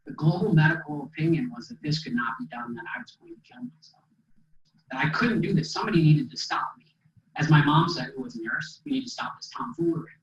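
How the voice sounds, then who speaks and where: A man from Minnesota giving an inspirational keynote speech as a motivational speaker, an animated storyteller who acts out the dialogue. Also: on the high side, a little fast, gravelly. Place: presentation hall. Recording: echoey hall, distant mic, dull sound.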